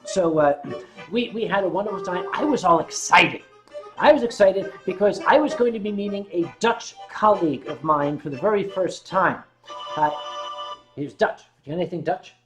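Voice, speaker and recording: A man's voice: high voice, normal speed, poor audio. American man, livestream host, rambling storyteller, self-mocking, faint music behind. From United States.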